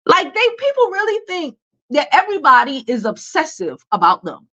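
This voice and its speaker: Woman, young adult, high-pitched, blunt, profane, filler-heavy celebrity talk. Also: wildly swooping pitch, moderate pace, bright, forceful tone, poor audio. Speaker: beauty and celebrity news host. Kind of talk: casual commentary vlog.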